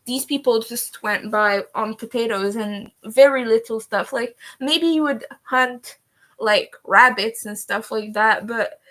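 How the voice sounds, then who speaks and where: Slow-talking Canadian woman, chatty and laughing. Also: a little high, fairly bright tone. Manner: chatty, laughs often, swears casually. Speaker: livestream host. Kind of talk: casual livestream chat while crocheting.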